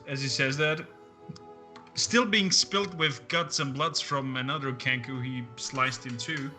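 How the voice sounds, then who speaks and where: A man playing in a tabletop game, describing his character's actions in a halting way. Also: mid-range voice, sharp tone. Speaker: player. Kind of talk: casual tabletop role-play. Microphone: headset over voice call.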